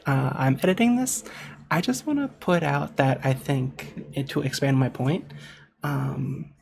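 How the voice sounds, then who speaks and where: This VTuber commentator's medium-pitched voice has vocal fry, and there's slight background noise behind the opinionated game critique. Points get stressed through repetition, and mid-sentence self-corrections with filler words come often.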